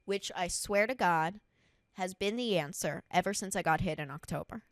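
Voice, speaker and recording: Young woman host, animated profane storyteller, dry close sound, comedic podcast chat. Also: on the low side, moderate pace, dry recording.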